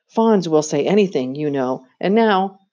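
A woman's voice: low voice, lively intonation, a little slow, mellow, muffled recording. A woman voicing a cold, scheming queen who coaxes a boy with sweet, commanding persuasion, in a storybook reading. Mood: sly.

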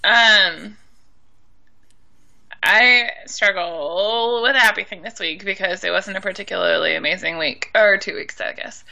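A woman co-hosting a podcast, a little drunk, chatting casually in an excitable way and swearing freely. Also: medium pitch, measured pace, no room sound. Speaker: podcast co-host. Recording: dull lo-fi sound.

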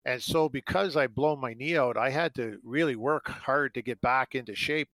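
A man's voice: medium pitch, moderate pace, a bit bright, no echo, rough recording. A middle-aged man from Canada, a former hockey player, telling long rambling stories in an interview with lots of fillers. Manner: rambling anecdotes full of fillers, acting out quotes. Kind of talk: storytelling in an interview.

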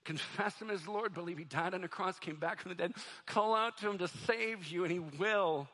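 A man preaches a sermon in a church sanctuary, his slightly higher voice bright and forceful. He climbs to loud, fervent declarations, then drops to soft, pleading appeals to the congregation. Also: moderate pace. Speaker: pastor.

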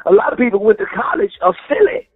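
A man's voice: high-pitched, expressive, fast talker, dry recording. A man from West Dallas calling in as a guest, talking emphatically and motivationally and repeating his key points. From West Dallas, Texas. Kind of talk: phone-in conversation. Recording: tinny phone line.

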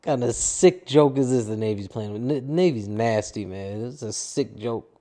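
Man, podcast host, casual rant, profane and rambling, tired, mellow dark tone. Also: mid-range voice, normal speed.

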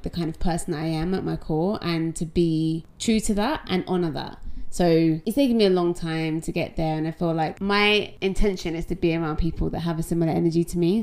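Hosting a podcast, an English-accented woman with a lowish, slightly mellow voice delivers a casual monologue. She's chatty and candid, rambling through her stories.

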